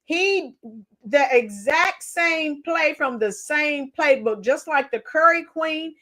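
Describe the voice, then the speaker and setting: A woman with a high voice hosts a live stream in casual chat. She mocks her subjects and calls out to viewers in an animated, lively way. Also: takes it slowly. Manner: mocking, animated, talks to chat.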